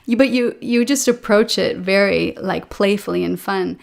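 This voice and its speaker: A woman in an animated, casual conversation, explaining her points with a ready laugh. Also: medium pitch, moderate pace, creaky.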